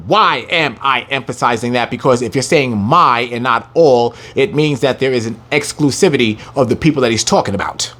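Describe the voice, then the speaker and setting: A man teaching a scripture lesson, reading the verses slowly with heavy emphasis and taunting his listeners in brash, profane language. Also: mid-range voice, expressive, fairly bright tone.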